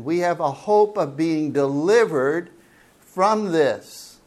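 A man preaching a sermon, asking the congregation questions and explaining Greek words with slow, drawn-out emphasis. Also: a little high, lively intonation. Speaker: pastor. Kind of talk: sermon Bible teaching.

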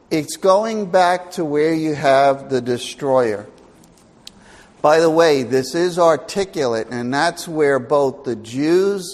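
A man's voice: medium pitch, in a large hall. A man preaching a Bible-teaching sermon in a chatty, self-deprecating way, laughing often.

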